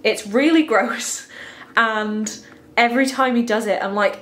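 Brief: giggly woman book vlogger with a slightly high voice, casual chat into a handheld phone at home. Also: slow, fairly bright tone. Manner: giggly and chatty, laughs at herself. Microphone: handheld phone camera.

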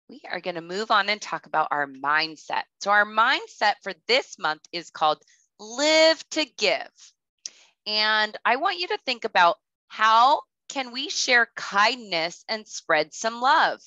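A woman kindergarten teacher leading a recorded lesson for young children, speaking slowly and clearly, with patient prompts. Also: medium pitch, lively intonation, sharp tone, dry recording. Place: home. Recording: slightly dull lo-fi audio.

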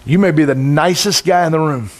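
A middle-aged man preaching a sermon in a conversational, intense way, with sudden loud bursts. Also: a little high, a little fast. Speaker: pastor.

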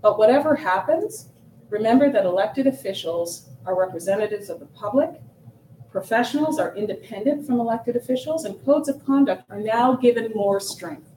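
A woman's voice: fairly high pitch, animated, normal speed, dark tone, distant mic. A woman accountability officer giving an earnest, emphatic seminar presentation with repeated points. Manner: earnest, emphatic lecturing with repetition. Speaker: guest speaker, accountability officer. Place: seminar room. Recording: echoey room, recorded from afar with faint noise.

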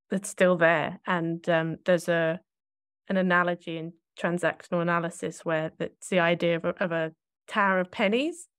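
Woman thinking out loud on a podcast, reflective, dry close sound. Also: on the low side, no echo. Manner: thoughtful, searching, self-correcting. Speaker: podcast co-host.

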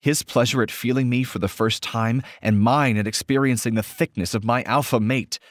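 A man narrating an audiobook romance in the first person with a steady, intimate reading. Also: medium pitch, moderate pace, no echo, clean studio sound.

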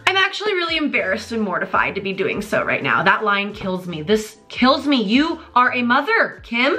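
Faint music sits behind a woman in her twenties whose fairly high voice moves at normal speed. In her vlog she delivers exasperated, sarcastic, animated commentary on celebrity drama as a pop culture YouTuber.

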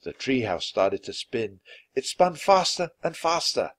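A man reading a children's adventure book aloud, expressive and dramatic. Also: mid-range voice, measured pace. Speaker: storyteller.

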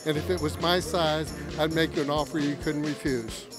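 A man's voice: a little high, fairly even intonation, normal speed, music in the background. A man at a travel expo, answering with wry jokes and rambling anecdotes. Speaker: interviewee. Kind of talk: casual joking chat. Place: busy travel expo hall.

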